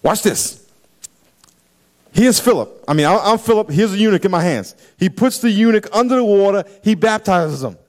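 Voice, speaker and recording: A man preaching a sermon, animated and acting out scenes and quoted voices for the congregation. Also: sits high, moderate pace. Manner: animated, acts out stories and quotes. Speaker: pastor.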